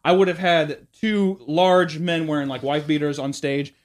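A man hosting a casual podcast, chatting and telling stories, often jumping into loud silly voices. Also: a little high, normal speed. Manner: animated, slips into loud silly put-on voices. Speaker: podcast host.

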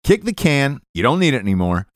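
A man's voice: mid-range voice, big pitch swings, fairly quick, no echo. Male podcast host, casual and foul-mouthed, reads ads loosely with lots of restarts, dry close sound. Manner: profane, rambling, restarts often.

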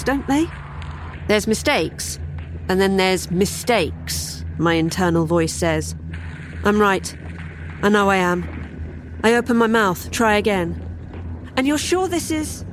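A woman's voice: mid-range voice, slight background noise. A woman narrating a first-person horror story in a wry, sardonic way.

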